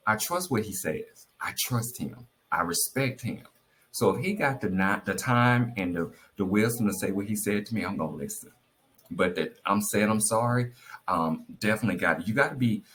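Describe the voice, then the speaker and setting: Deep-voiced man, animated storyteller, earnest and encouraging advice vlogger. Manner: animated storyteller, acts out quotes in a high voice. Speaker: vlogger giving marriage advice. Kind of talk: casual heartfelt advice talk.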